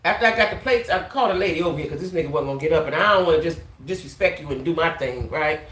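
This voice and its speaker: A woman tells a story to her viewers in an animated, casual way, often checking in with a quick "right?". Her voice is bright and forward, and the room around her echoes. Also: low voice. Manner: animated, tags lines with "right?". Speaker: vlogger.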